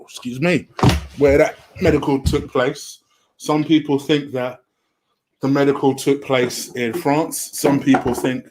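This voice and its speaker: A man's voice: medium pitch, noisy background. A man hosting a home-made football transfer rumour show, chatty and easily sidetracked, with a lot of "um". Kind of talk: casual solo commentary. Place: home room.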